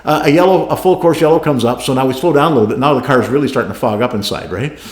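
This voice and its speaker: A man with a mid-range voice tells a racing story in a lively, casual way. He keeps asking "right?", acts out the other voices and laughs between the lines. The sound is roomy, with a clear echo off the walls. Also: medium pitch, racing. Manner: animated, acts out radio calls, laughs often, says "right?". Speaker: podcast co-host telling a racing story. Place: garage studio.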